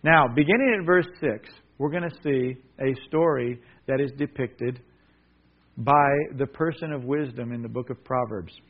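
A man preaching a sermon, earnestly addressing listeners as "son" and building up to lively emphatic passages. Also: mid-range voice, moderate pace, phone-quality sound. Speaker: pastor.

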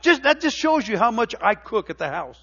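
A man's voice: extremely high pitch, big pitch swings, normal speed, bright, forceful tone, husky, lo-fi sound. A middle-aged man preaching a sermon in a church, telling homey stories with stammered restarts and building to emphatic preaching. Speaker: pastor. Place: church sanctuary.

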